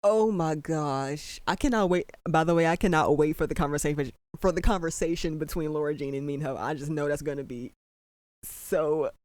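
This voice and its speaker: A reaction commentator at home at night, talking in animated, disbelieving exclamations while trying to keep the voice down. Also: medium pitch, fairly quick, no echo. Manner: holding the voice down at night. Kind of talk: excited first-watch reaction commentary.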